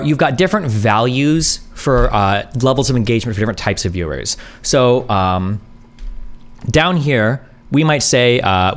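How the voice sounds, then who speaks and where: A man streaming live, reacting to clips with blunt, sarcastic commentary and frequent swearing, then explaining ideas step by step with quick "okay?" check-ins. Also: lowish voice.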